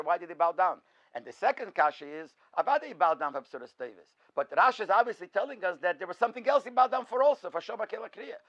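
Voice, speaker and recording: A man's voice: sits high, fairly bright tone, dull audio. A man, a rabbi, giving an in-depth Torah lecture, posing questions and then answering them himself. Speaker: rabbi teaching a class.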